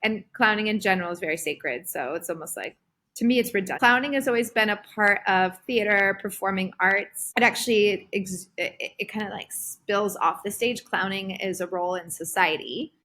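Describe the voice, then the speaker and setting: A woman in her thirties talking casually as a podcast guest, animated, with lots of "like" and "um". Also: mid-range voice, moderate pace. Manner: animated, full of fillers like "like" and "um". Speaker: guest, performer and creative director.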